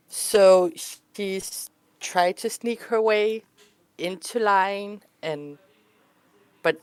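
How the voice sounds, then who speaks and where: A woman's voice: on the low side, no room sound. A woman describing her character in a tabletop game, rambling with many "like"s. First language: Danish. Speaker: player.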